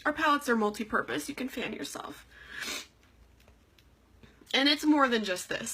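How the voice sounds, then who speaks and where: A woman's voice: fairly high pitch, a bit bright, slight background noise. A young woman live-streaming a casual, heartfelt chat, rambling and leaning on "like" and "you know.". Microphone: computer webcam on a live stream.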